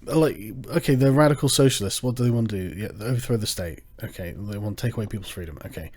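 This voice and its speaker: Male channel host, mellow low timbre, swears freely, sarcastic and heated in a loose livestream rant. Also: fast, slightly rough. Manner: profane, sarcastic, animated.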